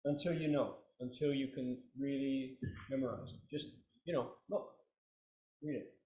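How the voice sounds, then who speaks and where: A man teaching a meditation class, relaxed and joking, leading his students through chanted repetitions. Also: medium pitch, normal speed, dull audio. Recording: roomy, echoey room.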